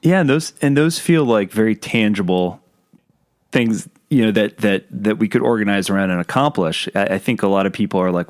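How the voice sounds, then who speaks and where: Male podcast host, low voice, dry close sound, reflective, repeats words. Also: fairly quick, no echo. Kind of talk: casual interview.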